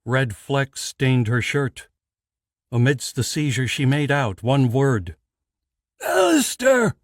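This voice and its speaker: A man narrating a fantasy audiobook in a measured, deliberate scripted read. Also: medium pitch, fairly even intonation, dry recording, clean studio sound.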